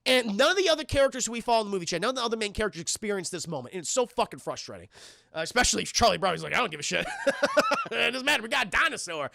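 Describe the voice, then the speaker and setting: Animated high-voiced man reviewing a film. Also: rapid-fire, creaky, no echo, studio quality. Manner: animated, swearing, doing silly character voices. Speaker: streamer reviewing a film with his chat. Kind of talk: casual film review chat.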